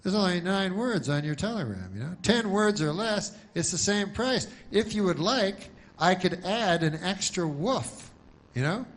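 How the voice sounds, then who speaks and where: A talkative telegram office clerk, helpful and a bit higher than an ordinary man's speaking voice. A man voices him while telling a joke. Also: expressive, measured pace. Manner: chatty, helpful.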